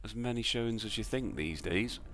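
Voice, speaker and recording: Talking a little fast in a lowish, slightly bright voice, a British man live-commentates his slot spins. His remarks are sarcastic and profane, with mumbling to himself between bursts.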